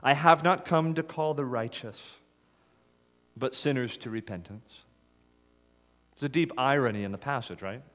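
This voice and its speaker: A man preaching a sermon as a pastor, earnest and steady, often dropping to a hush on key lines. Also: medium pitch, moderate pace, pauses often. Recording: reverberant hall.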